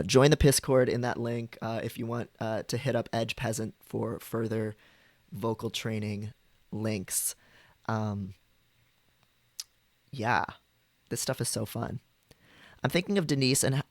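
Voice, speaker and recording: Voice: mid-range voice, no room sound. A streamer chatting casually with viewers, rambling with frequent ums and likes.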